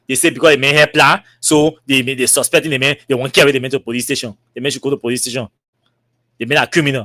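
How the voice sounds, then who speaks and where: Animated Liberian man telling a story. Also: medium pitch, creaky, no room sound, clean studio sound. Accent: Liberian English. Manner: animated, acts out dialogue with repetitions. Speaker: talk show host. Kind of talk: storytelling monologue.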